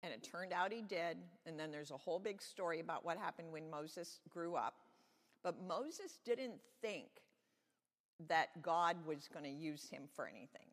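A woman leading a children's sermon in church, telling a Bible story simply and warmly to kids. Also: sits low, expressive, normal speed, long reverb tail. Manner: friendly, explaining simply to children. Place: church sanctuary.

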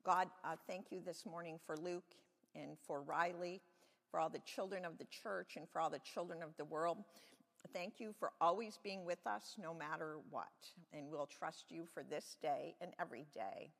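A woman leading a children's sermon in church, telling a Bible story simply and warmly to kids. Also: deep voice, fairly even intonation, moderate pace, gravelly, big-room sound. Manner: friendly, explaining simply to children. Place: church sanctuary.

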